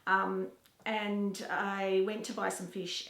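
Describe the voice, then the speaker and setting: A woman's voice: medium pitch, flat delivery, a little slow, creaky, a bit bright. Chatty Australian woman in an echoey kitchen. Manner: chatty, rambling, laughs often. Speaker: vlogger. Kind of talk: casual chat to camera. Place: home kitchen. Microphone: camera set down nearby. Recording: echoey room.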